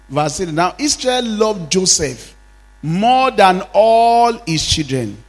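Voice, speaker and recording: A man's voice: high voice, big-room sound. A man pastor preaching a sermon, leading fervent prayers and having the congregation repeat declarations after him.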